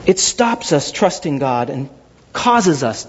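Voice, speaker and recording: A man preaching a sermon with a husky voice, animated and dramatic, acting out quotes in his stories. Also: a little high, slow. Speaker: pastor. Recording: dull sound in a large reverberant hall.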